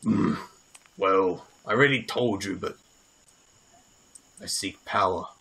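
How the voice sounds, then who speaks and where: A brooding warrior bent on vengeance, as a man puts him on. He speaks low and slow with cold menace, and his tone is bright and forceful. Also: vocal fry, breathy edge, exaggerated voice, rough recording. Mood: grim. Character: vengeful brooding male warrior seeking power.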